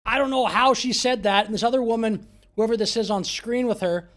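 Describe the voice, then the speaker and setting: A man's voice: high voice, a little fast, a bit bright. A man hosting a political commentary show, talking over clips in a mocking, exasperated way. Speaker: commentary channel host.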